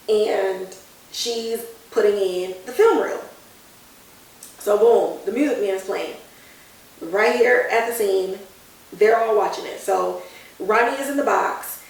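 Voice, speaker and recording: A woman's voice: medium pitch, recorded from a distance. Slangy woman recapping a show. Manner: animated, slangy storytelling. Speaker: podcast host. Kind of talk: casual TV episode recap. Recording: very echoey room, off-mic.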